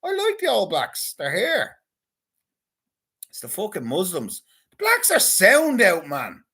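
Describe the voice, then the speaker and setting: Husky man rambling crudely. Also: high voice, huge pitch swings, measured pace, bright, forceful tone. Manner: crude, profane, rambling banter. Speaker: vlogger. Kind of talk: casual rambling monologue.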